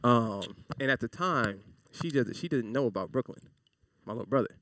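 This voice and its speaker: A man's voice: medium pitch, normal speed, distant mic, noisy background. A man in his thirties telling a story in casual chat, acting out the other voices in it. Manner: animated storyteller, acts out voices.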